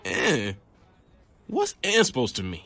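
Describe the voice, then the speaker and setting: A man voicing a pushy street hustler who sells souvenirs in an animated comedy. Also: mid-range voice, takes it slowly, soft background music, exaggerated voice. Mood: incredulous. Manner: hustling, loud, incredulous.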